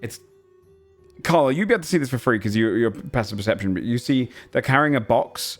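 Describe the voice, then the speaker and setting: A man's voice: medium pitch, expressive, a little fast, soft background music. A man running a tabletop game as game master, narrating casually with lots of fillers.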